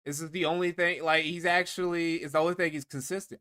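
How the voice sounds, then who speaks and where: A man hosting a live stream, talking in an animated, sarcastic rant. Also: on the high side, fast. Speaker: stream host.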